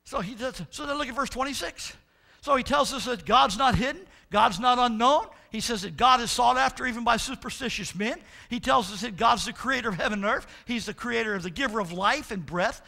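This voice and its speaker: Brief: pastor preaching, very high for a man, bright edge, emphatic and repetitive. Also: fairly quick, creaky. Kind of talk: sermon.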